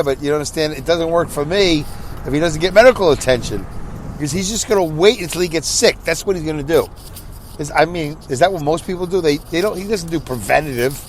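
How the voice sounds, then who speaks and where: A man's voice: mid-range voice, slight background noise. Tired rambling man in a truck. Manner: rambling, tired, self-deprecating. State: exhausted, sleepy. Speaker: podcast host. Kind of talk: casual monologue. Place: in a truck while driving.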